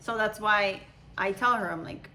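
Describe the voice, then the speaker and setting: Young mother, casual home chat, rambling and animated, mid pitch, faint noise behind. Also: normal speed, rough recording. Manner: chatty, animated storytelling with imitations. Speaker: mother, channel host.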